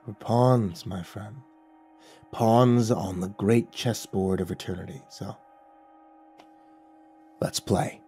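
A man voicing a weary escaped damned man who talks in a hushed, breathy, mocking way. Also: fairly low pitch, moderate pace, hardly any pauses, soft background music, voice pushed down, natural voice. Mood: sly. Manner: sly, taunting.

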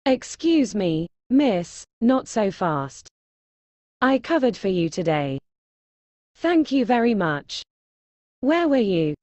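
A sharp-tongued scheming mother. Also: medium pitch, very animated, slow, pauses often, dry recording. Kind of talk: TV drama acting.

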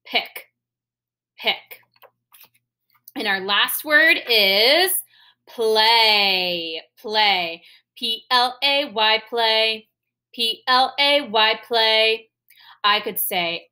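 A woman teacher leading a sight-word lesson for young children, talking clearly and spelling words out letter by letter. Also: on the high side, animated, pushed and bright. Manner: slow, clear, enunciating and spelling words aloud for kids.

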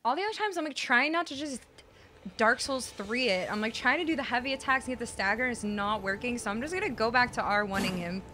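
A woman streaming a video game live, reacting excitably, swearing and yelling in frustration, then muttering to herself. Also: on the high side, fast talker, a little hiss or hum. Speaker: gaming streamer. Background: game music.

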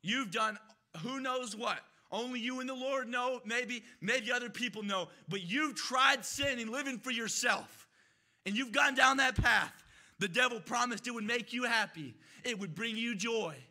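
A young man preaching a sermon in a church, shouting his emphatic declarations. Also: very high-pitched, normal speed. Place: church sanctuary.

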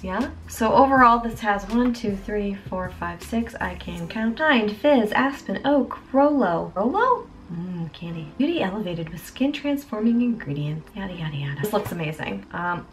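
A woman's voice: mid-range voice, a bit bright. Bubbly, chatty young woman vlogger. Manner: bubbly, chatty, exclaims often. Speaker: beauty vlogger. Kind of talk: casual chat.

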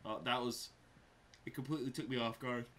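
A young man from Canada chatting casually in a film reaction, excitable, swearing often and laughing. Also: mid-range voice, brisk, slight background noise. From Quebec, Canada.

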